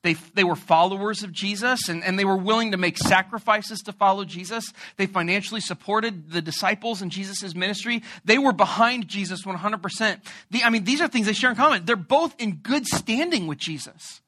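A male preacher giving a sermon with a bright, sharp voice. He tells stories in an animated way and jokes with his listeners. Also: high voice, brisk, few pauses. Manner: animated, joking storyteller.

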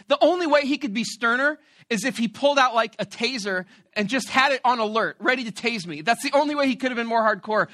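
A man preaching a sermon who tells a story about himself in an animated, playful and self-mocking way. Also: sits high, no room sound, studio quality. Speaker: pastor.

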